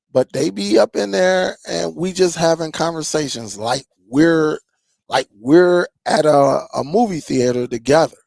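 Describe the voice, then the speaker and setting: A man hosts a streaming tech channel, rambling loosely in casual livestream chat with his viewers and laughing often. His voice is a little high with vocal fry and a darkish tone, captured as clean studio sound with no room sound.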